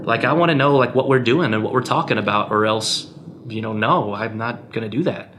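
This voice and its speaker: A male filmmaker gives casual interview answers as a guest, sounding relaxed and candid with a bright, mid-range voice that runs a little fast. He uses lots of fillers like "um" and "you know" and acts out other people's lines in a raised voice, with a little hiss or hum in the recording.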